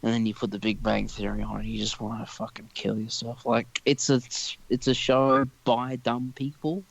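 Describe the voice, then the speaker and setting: A young man in casual podcast chat, with a gravelly, creaky voice at a mid pitch. He swears heavily and rants with strong opinions, talking loosely and in bursts. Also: flat delivery, normal speed, dry recording, dull audio. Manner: profane, ranting, opinionated. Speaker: podcast co-host.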